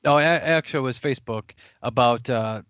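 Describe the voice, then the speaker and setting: A man's voice: mid-range voice, a little fast, fairly bright tone, clean tone, no room sound, dull audio. A man in his late thirties co-hosting a podcast, making dry, matter-of-fact remarks. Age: late 30s. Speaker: podcast co-host. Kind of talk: casual chat.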